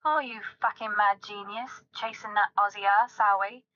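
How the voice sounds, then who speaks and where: A woman's voice: medium pitch, steady tone, bright, forceful tone, highs cut off, lightly acted. A synthetic woman's voice playing a crude, foul-mouthed female AI chatbot that fires off raunchy banter. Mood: brash. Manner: brash, rapid-fire raunchy banter.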